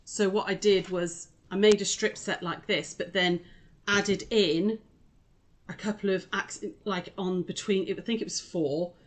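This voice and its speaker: A woman's voice: medium pitch, steady tone, a little slow. A woman hosting a casual live quilting demonstration, chatty and rambling as she talks straight to her viewers. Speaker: quilting shop host.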